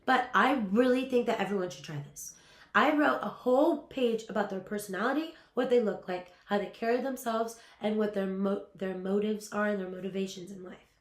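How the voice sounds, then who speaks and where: A woman's voice: mid-range voice, a little fast, roomy sound. A woman voiceover artist giving a casual, rambling lesson on character voices, with fillers and restarts. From Southern California. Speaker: voiceover artist teaching a series. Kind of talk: casual instructional talk.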